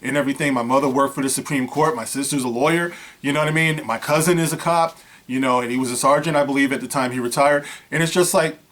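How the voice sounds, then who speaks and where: A man's voice: mid-range voice, steady tone, quick pace, fairly bright tone. A man seated and giving a casual commentary monologue, talking conversationally and acting out scenes along the way. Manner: conversational, acts out scenes, many fillers like "you know". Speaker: vlogger. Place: seated indoors.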